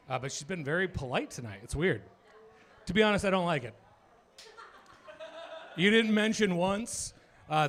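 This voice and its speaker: A man with a high voice works a thin crowd in a small comedy club. He teases in a dry way and chuckles through his own jokes. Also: fairly bright tone. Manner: teasing, dry, laughs through his lines. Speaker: stand-up comedian. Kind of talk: stand-up crowd work.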